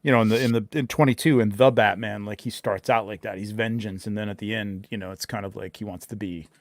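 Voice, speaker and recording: A man co-hosting a casual chat, rambling and trailing off softly. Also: on the low side, steady tone, fast talker, no room sound, clean studio sound. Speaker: co-host.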